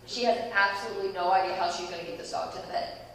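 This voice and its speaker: A woman's voice: mid-range voice, fast. Young woman storyteller in an echoey hall. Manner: lively storytelling, acts out voices. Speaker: youth speaker. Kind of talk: church talk with a told story. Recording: echoey hall, distant mic, faint hiss.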